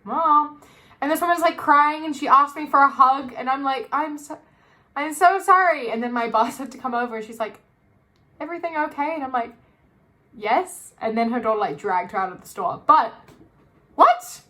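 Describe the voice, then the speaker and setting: Bright, high-voiced woman podcast co-host. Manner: animated storyteller, quick jumps in pitch. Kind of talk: casual chat.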